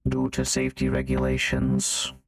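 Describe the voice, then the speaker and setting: A man voicing a monotone robotic security console through a robot voice filter, speaking in a clipped, official way. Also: very deep voice, moderate pace, voice pushed down, poor audio. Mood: officious.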